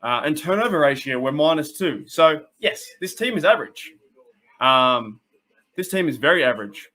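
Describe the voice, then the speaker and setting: An Australian man chatting away on a live stream, his voice sitting a touch higher than most men's. He rambles and restarts often, breaking into laughs as he tries to keep up with the chat, all in a loose, excitable way. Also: moderate pace. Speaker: host of a fan livestream.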